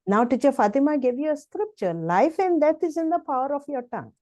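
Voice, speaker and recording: A woman's voice: high-pitched, big pitch swings, fairly quick, dark tone, no echo. A woman teaching children about the Bible, coaxing them along, repeating phrases and often checking that they are listening.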